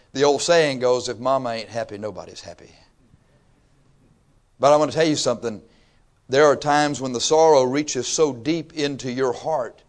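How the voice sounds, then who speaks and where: A man, preaching a sermon in a folksy, conversational way with emphatic rising bursts. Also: medium pitch. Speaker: pastor.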